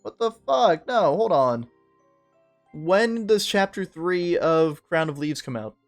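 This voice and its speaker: A man giving casual gameplay commentary as a video creator, with loud, profane, exasperated outbursts. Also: on the high side, lively intonation, slow, faint music behind.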